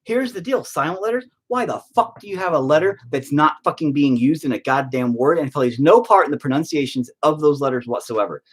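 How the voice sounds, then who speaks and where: A man's voice: on the high side, animated, a little fast, few pauses, breathy edge. A middle-aged man hosting a painting video, chatting casually and ranting with heavy profanity in exasperation. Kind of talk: casual chat while painting.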